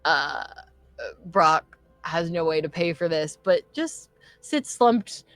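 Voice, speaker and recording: A woman narrating a tabletop game as its game master, her voice sitting on the low side. She tells the story with animated bursts and frequent laughs. The sound is dry and close, with faint music underneath. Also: takes it slowly, no room sound.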